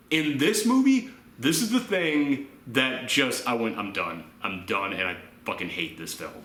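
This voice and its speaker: A man's voice: on the high side, a bit bright. A man ranting in a casual chat about a film, exasperated and swearing freely. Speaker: movie reviewer. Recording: roomy echo.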